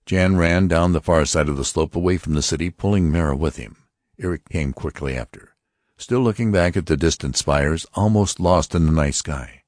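Male audiobook narrator, very low voice, steady measured delivery, dry booth sound. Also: dry recording.

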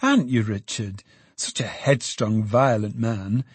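A man reading an audiobook, voicing a gentle young woman who is soon to be married, speaking softly and tenderly to her father. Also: fairly low pitch, unhurried, husky, no echo. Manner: soft, tender and teasing. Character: young woman, gentle bride-to-be, affectionate daughter.

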